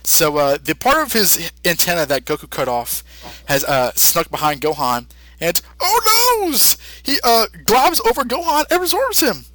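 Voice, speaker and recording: A male podcast co-host recapping a story in a chatty, filler-heavy way and laughing often. His voice is bright and slightly high, and the recording is dry and close. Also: sing-song, moderate pace, no echo, poor audio.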